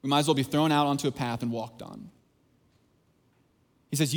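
A man preaching a sermon as pastor, earnest and emphatic, repeating phrases for weight and dropping into quieter asides. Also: mid-range voice, flat delivery, normal speed.

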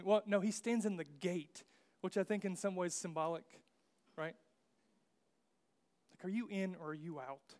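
A man's voice: high-pitched, normal speed, pauses often, darkish tone. A young man preaching a casual sermon, joking and acting out biblical figures in slang asides. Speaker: pastor.

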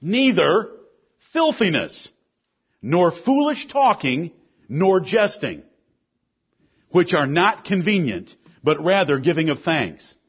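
A male pastor preaches a sermon with a husky, fairly high voice. He leans hard on key phrases and at times drops to a low, quiet delivery. The recording is dull and lo-fi. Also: big pitch swings, slow pace, long pauses. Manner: preaching with rising emphasis, then dropping to a low, quiet delivery.

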